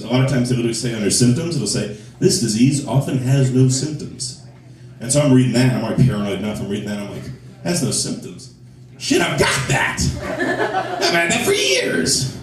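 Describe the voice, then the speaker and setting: A man's voice: medium pitch, a little mellow, far from the mic, a little hiss or hum. A man doing a stand-up comedy set on a club stage, telling profane, self-deprecating stories and acting out the dialogue. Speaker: stand-up comic. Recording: echoey club, recorded from afar.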